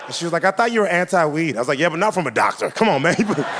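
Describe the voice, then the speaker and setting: A young man doing a stand-up comedy routine, telling a story with animated delivery and acted-out voices on a club stage. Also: fairly high pitch, racing, crowd noise, background noise. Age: 20s.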